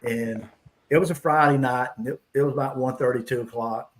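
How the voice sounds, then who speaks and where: A man hosts a casual hangout, telling rambling police stories and laughing along the way. His medium-pitched voice is fairly even and fairly quick, on a low-quality recording with slight background noise.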